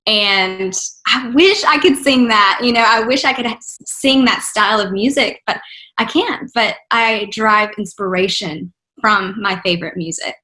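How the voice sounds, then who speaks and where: A woman's voice: medium pitch, bright, forceful tone. A young woman from Texas with a faint Texan accent, answering interview questions in an upbeat, enthusiastic way that is full of "you know" and "like". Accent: Texan, mostly trained out. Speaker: interview guest, actress and singer.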